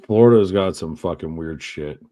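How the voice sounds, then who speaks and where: A man co-hosting a podcast, reading odd news stories aloud in a profane, animated way. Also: low voice, normal speed. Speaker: podcast co-host.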